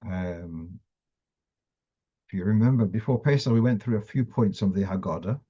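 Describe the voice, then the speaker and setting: A man's voice: on the low side, moderate pace, slightly rough, dull audio. A man teaching a class on Jewish law, explaining step by step with restarts and fillers, mixing Hebrew and Yiddish terms into English. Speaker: Torah teacher.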